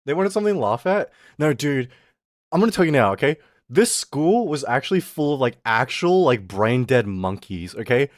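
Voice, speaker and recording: A man's voice: medium pitch, very animated, moderate pace, dry recording, clean studio sound. A man streaming, telling a story in a casual, exasperated rant full of swearing and laughter. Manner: profane, exasperated, often laughing.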